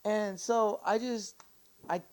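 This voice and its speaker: A man's voice: high voice, slow pace, clean tone, dry recording. Young man telling a profane story. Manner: profane, rambling and animated, many fillers. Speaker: podcast guest. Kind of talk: casual storytelling.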